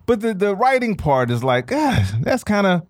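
A man's voice: sits high, very animated, normal speed. Emphatic man on a comedy podcast. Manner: emphatic, repeats himself to make a point. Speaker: podcast co-host. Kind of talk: casual chat.

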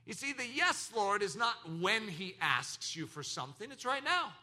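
Man, pastor preaching a sermon, high voice, very animated pitch, dramatic loud and soft swings. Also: moderate pace. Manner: animated preaching with acted laughter and quoted voices.

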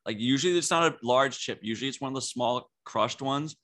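Bright-voiced ranting young man. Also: medium pitch, fairly quick. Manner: animated, swearing, ranting. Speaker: podcast co-host. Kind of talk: casual chat.

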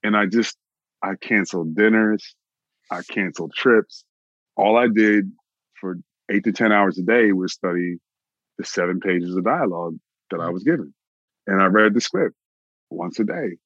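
A man from Austin, Texas, an actor telling his own story in an interview, animated and repeating phrases for emphasis. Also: low-pitched, normal speed, pauses often, dry recording, highs cut off. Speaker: actor, guest.

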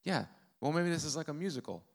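A man's voice: fairly high pitch, animated, quick pace, gravelly. A man preaching a testimony sermon, telling his story in an earnest way with a dry, self-mocking humor.

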